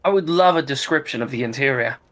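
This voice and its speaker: A man narrating as game master of a tabletop game, in a relaxed, halting way. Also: mid-range voice, a crowd in the background.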